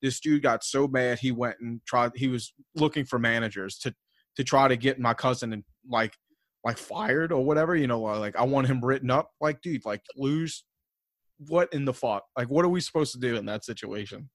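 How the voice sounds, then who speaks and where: In a dry, clean studio recording, a male podcast host with a Southern American accent talks at normal speed in a mid-range voice. His casual stories wander, swear freely, lean on filler like "like," and keep breaking into laughter.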